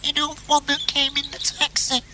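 A man doing a squeaky timid puppet. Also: monotone, moderate pace, noisy background. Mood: meek. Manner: squeaky put-on voice, meek and plain. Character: small squeaky puppet sidekick, timid and simple. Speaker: puppet sidekick.

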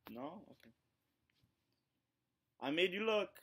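A man's voice: sits high, expressive, slow pace, bright, forceful tone, slight background noise. Joking prankster man on video chat. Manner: playful, mock-menacing, joking. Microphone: computer mic on a video chat.

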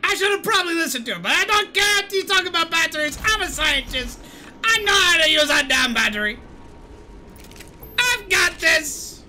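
A man streaming games, giving loud commentary and yelling insults at the game. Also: extremely high pitch, very animated, moderate pace, a little hiss or hum. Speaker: gaming streamer. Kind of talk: gameplay commentary.

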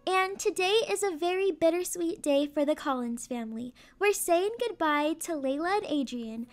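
A woman's voice: very high-pitched, lively intonation, normal speed. A woman hosting her channel, narrating a family roleplay in a game in a cheerful, chatty way. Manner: cheerful, chatty storyteller voicing family members. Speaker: YouTube roleplay host.

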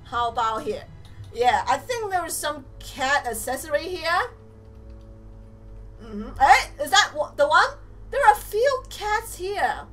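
A young woman giving animated let's play commentary, exclaiming and teasing the game characters as she plays. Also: high-pitched, slow, soft background music. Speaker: gamer.

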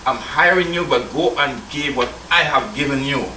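In a mid-range voice with a bright, forceful tone, a male church elder preaches at a moderate pace, reading scripture aloud. He addresses his listeners as brethren and prompts call-and-response answers. A distant mic gives a roomy sound with slight background noise.

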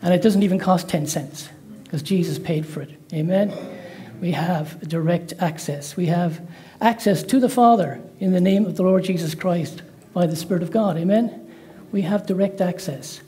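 A man's voice: sits high, moderate pace. A man with an Irish accent, preaching a sermon that opens with prayer, a joke and frequent amens. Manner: warm-hearted, with frequent amens and praise interjections.

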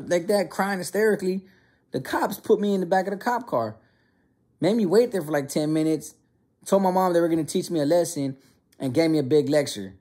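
A young man telling a funny childhood story in an animated, slangy way. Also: high-pitched, normal speed, husky. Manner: animated, slangy, many restarts. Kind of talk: casual storytelling.

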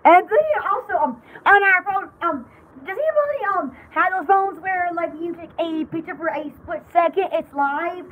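A young woman hosting a live-stream jewelry party, chatting casually in an excitable, rambling, giggly way. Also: very high-pitched, moderate pace, narrow, tinny audio.

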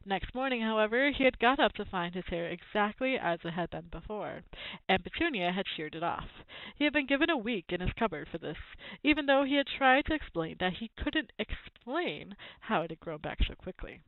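A woman reading a children's novel aloud with expressive storytelling. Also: medium pitch, normal speed, no echo, narrow, tinny audio. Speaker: reader.

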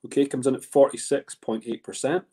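A man's voice: mid-range voice, steady tone, brisk, dark tone, breathy edge. A man hosting a whisky tasting in a casual, rambling way, full of restarts and fillers. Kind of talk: casual spoken presentation.

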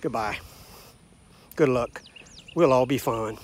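A man's voice: medium pitch, slow. A man in his sixties or seventies from the United States, delivering a blunt, combative, preachy rant straight to camera. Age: 60s to 70s. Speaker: vlogger. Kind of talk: ranting monologue to camera.

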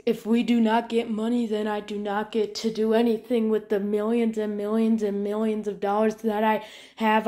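A woman playing a pompous, greedy boss in a comedy skit, speaking in stiff, formal, deadpan phrases. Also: medium pitch, lightly acted. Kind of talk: comedy skit role-play.

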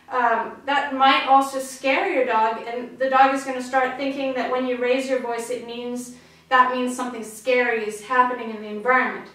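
A woman's voice: sits high, fairly even intonation, moderate pace, a bit bright. A woman dog trainer giving an upbeat, friendly instructional talk. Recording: very echoey, distant mic.

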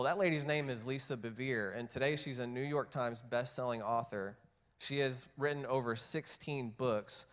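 Male pastor in a church, storytelling sermon, middle pitch, swings between loud and soft. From Texas. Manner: storytelling, acts out quoted voices with big swings in loudness.

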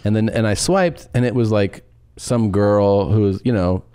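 A man's voice: on the low side, moderate pace, warm tone, clear, resonant tone, no room sound, clean studio sound. A man co-hosting a podcast, rambling through crude stories and reactions. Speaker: podcast co-host. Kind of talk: casual podcast banter.

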